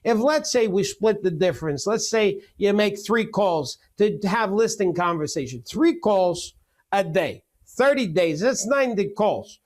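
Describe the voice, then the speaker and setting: Brief: middle-aged male coach on a webinar call, high voice, fast joking delivery. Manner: energetic, joking, rapid-fire. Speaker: real estate coach. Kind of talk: webinar teaching.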